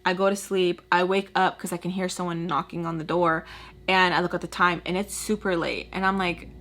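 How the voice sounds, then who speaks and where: A woman's voice: fairly low pitch, fairly quick. A woman telling a personal storytime to camera in a casual way, swearing freely and acting out the people in her story. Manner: expressive, swears freely, acts out scenes with quoted voices. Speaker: storytime vlogger.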